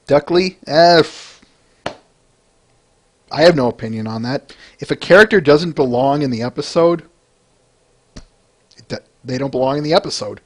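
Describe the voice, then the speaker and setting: A man's voice: on the high side, normal speed, pauses often. A man hosting a casual review podcast, rambling with frequent restarts and answering listeners by name between points. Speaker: podcast host.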